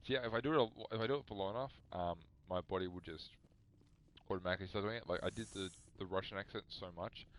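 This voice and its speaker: A man's voice: low-pitched, fast talker. A man chatting casually while streaming a video game, rambling and poking fun at himself. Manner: rambling, self-mocking, chatty. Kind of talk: casual live-stream chat.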